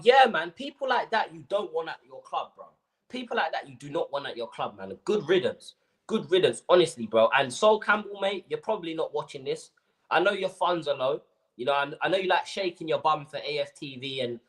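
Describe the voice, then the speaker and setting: A young man hosting a football fan livestream, ranting casually with lots of slang and repetition. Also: on the high side. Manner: animated ranting, slangy, repeats himself.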